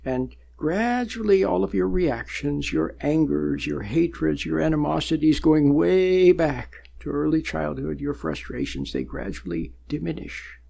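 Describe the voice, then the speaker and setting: Gravelly man teaching meditation. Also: on the high side, expressive, a little slow, hardly any pauses, warm tone. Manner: conversational, repetitive, chuckles often. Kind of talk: spoken teaching on a program.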